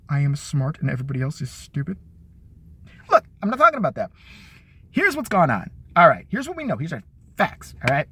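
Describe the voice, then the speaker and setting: A man ranting fast and angrily about politics, swearing constantly and mocking his targets. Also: on the high side, a bit bright, husky. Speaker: vlogger. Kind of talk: profane political rant.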